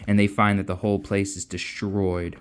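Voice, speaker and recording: A man's voice: on the low side, little pitch movement, normal speed, clean tone. A man casually recapping a novel's plot in a chatty, offhand way, acting out quotes. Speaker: book recapper.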